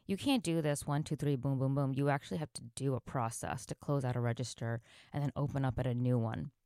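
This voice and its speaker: A woman podcast host with a low voice tells a personal story, earnest and reflective. The recording is dry and close, with no room sound. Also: a little fast, warm tone, no room sound. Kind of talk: storytelling monologue.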